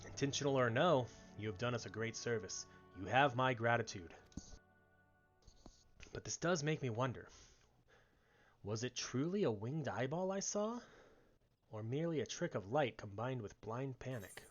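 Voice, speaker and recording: A man's voice: mid-range voice, expressive, normal speed, long pauses, soft background music, lightly acted. A man voicing a male villager quest-giver from a fantasy game, reading the lines with old-fashioned speech. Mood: storytelling. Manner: reads game dialogue aloud with old-fashioned turns of speech. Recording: slightly dull lo-fi stream audio.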